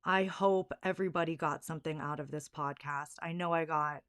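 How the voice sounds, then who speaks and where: Recorded cleanly in a studio with no room sound, this young woman's podcast voice is deep, a bit bright, steady in tone and fairly quick. Speaking alone as host, she's candid and earnest, getting heated and emphatic over the topic.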